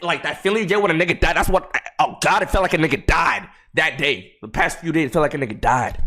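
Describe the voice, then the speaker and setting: A rambling story pours out of a young streamer addressing his chat, heavy on swearing and full of halting restarts, as his voice sinks low and quiet before rising loud and high.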